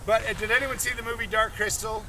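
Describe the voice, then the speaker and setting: Loud bantering comic man in his fifties. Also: high voice, fairly even intonation, fast talker. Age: 50s. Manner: loud bantering, chuckles at his own jokes. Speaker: street comedy performer. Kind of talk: live crowd-work comedy show. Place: outdoors at a busy renaissance fair. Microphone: handheld camera in the audience. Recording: loud outdoor crowd on a windy day. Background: crowd.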